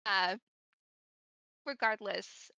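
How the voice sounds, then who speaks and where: A woman's voice: mid-range voice, very slow, vocal fry, sharp tone, no echo. A woman guest on a casual Q&A stream, explaining her thoughts at length. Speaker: panel guest. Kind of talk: casual livestream Q&A.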